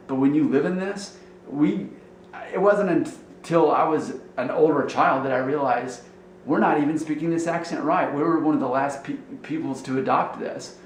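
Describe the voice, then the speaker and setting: A man from Alabama musing casually to camera as a blogger, rambling and thinking aloud with fillers. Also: a little high. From Alabama, USA. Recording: roomy echo, faint noise.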